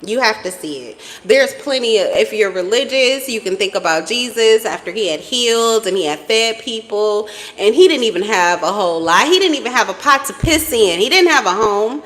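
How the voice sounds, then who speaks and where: A woman giving a casual tarot reading to camera, blunt and profane, breaking into sudden high exclamations. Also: animated, moderate pace, hardly any pauses, a bit bright. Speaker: tarot reader. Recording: reverberant room.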